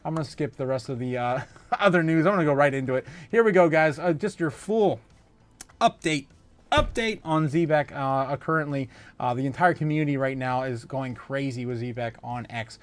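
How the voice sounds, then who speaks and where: A man hosting a casual crypto livestream, reading viewer comments aloud, excitable and laughing often. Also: mid-range voice, a little fast, no room sound.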